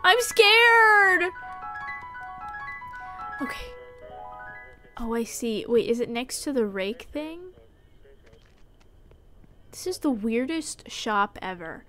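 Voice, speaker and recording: A woman streamer giving playful, chatty commentary while she plays a game, going from sudden yelps to hushed whispers. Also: on the high side, lively intonation, slow, long pauses, faint music behind. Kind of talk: casual gameplay commentary.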